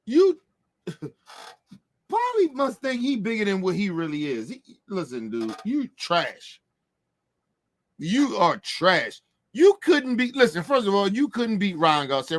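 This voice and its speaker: Brash, profane man ranting, lively pitch. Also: a little slow. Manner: brash, profane, mocking, emphatic. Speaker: boxing commentator. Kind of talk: heated opinion rant.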